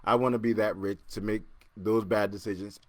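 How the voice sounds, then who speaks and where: A man hosting a casual solo podcast, joking and laughing as he reacts to listener comments, jumping between loud excited bursts and low muttering. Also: fairly quick, no echo. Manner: animated, joking, laughs often, repeats himself. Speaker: podcast host.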